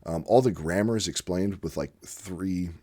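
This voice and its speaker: Male host, very low voice, casual unscripted monologue, rambling and eager. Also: normal speed, warm tone. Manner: rambling and enthusiastic, with frequent fillers. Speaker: channel host discussing language teaching; former literacy teacher.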